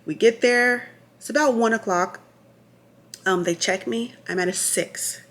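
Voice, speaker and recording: A woman vlogger telling the story of her labor in a chatty, animated way, full of asides and restarts, sometimes checking her notes. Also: fairly high pitch, unhurried. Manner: reads from notes at times. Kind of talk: casual storytelling to camera.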